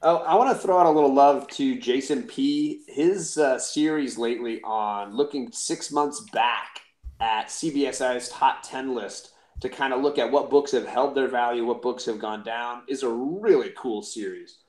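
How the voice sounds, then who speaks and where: A man's voice: mid-range voice, moderate pace, darkish tone. A man co-hosting a live comic auction, chatting in a joking, rambling, self-deprecating way. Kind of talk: casual live-stream chat. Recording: roomy echo.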